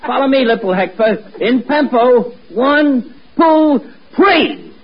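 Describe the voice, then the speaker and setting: A man's voice: very high voice, expressive, slow pace, slightly rough, heavily acted. An actor playing a boastful boy who swaps his t sounds for p sounds, in a 1940s radio comedy. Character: boastful young male trumpet-playing kid. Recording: muffled old radio recording.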